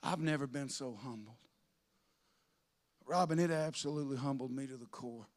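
A man's voice: medium pitch, normal speed. A man preaching a sermon, telling folksy stories that rise into fervent preaching.

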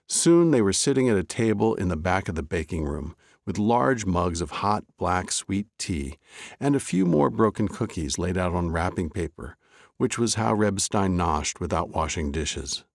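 A man hosting and narrating a folk story in a measured, wry storytelling manner. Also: deep voice, animated, creaky, dry recording, studio quality. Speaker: host and storyteller.

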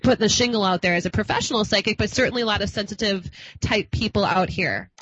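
Radio guest, woman from Minnesota, bright and chatty psychic, slightly dull sound. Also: medium pitch, fast talker, slightly rough, dry recording. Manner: chatty, laughs often, warm asides. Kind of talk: casual radio chat.

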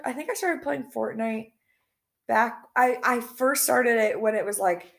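A woman's voice: a little high, creaky. A young woman co-hosting a casual podcast at home, rambling and giggly with lots of fillers and restarts. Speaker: podcast co-host. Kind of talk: casual chat.

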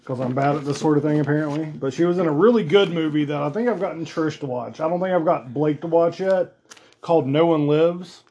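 A man's voice: on the high side, brisk, warm tone, highs cut off. A man hosting a podcast in casual chat, rambling and swearing now and then. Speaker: podcast host.

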